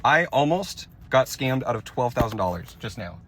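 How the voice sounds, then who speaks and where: A man's voice: mid-range voice, sing-song, moderate pace. A man, a dentist, telling a shaken first-person account to camera outside a gas station. He is rattled and shaking, rambling with breathless restarts.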